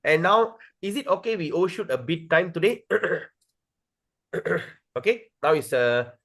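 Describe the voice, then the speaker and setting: Animated high-voiced man teaching scripture. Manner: repeats and chants words slowly to demonstrate pronunciation; addresses listeners directly, checks with "okay?". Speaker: teacher leading a scripture study. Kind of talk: devotional class teaching.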